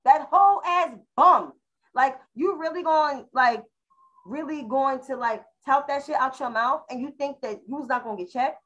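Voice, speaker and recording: A woman with a New York accent holding forth on a panel show. Her voice sits a little high, and she talks in a fiery, profane, mocking way, calling people out with relish. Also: moderate pace, fairly bright tone, muffled recording. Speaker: podcast co-host. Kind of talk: heated casual panel chat.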